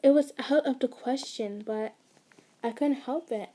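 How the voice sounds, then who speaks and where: Saiki, quiet halting psychic boy, read by a woman. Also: high voice. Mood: shy. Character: young male psychic boy, guarded, awkward, sincere. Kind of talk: audio fanfiction reading.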